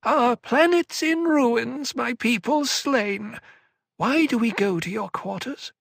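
A whining elfin little alien. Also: male voice, vocal fry, a bit bright, no room sound, studio quality, heavily acted. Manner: slow, pleading, high-pitched. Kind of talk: audiobook character voice.

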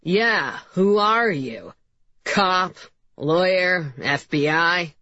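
A woman's voice: on the low side, animated, slow, a bit bright, no echo, full character voice. A woman voicing a rude, defensive male suspect with a nasal, congested voice, in a slightly dull, dry recording. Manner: belligerent, swearing.

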